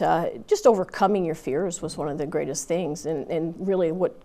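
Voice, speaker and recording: A woman's voice: on the low side, mellow. A woman in her fifties, a Marine Corps veteran, telling her story candidly in an interview with plenty of fillers and restarts.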